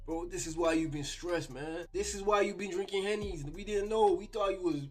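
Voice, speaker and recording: A man hosting reaction commentary, animated and slangy, swearing and talking straight to his viewers. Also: high voice, brisk. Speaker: commentary host.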